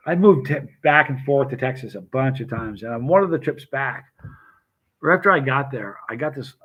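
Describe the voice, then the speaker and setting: A man with a husky, mid-range voice rambles through stories for his live chat as a vlogger, interrupting himself and calling out viewers by name. The sound is lo-fi.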